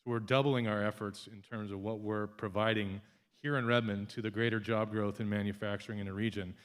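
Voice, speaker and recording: A man who is an economic development director, giving an energetic, enthusiastic speech to an audience. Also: lowish voice, fairly quick. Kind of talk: public speech.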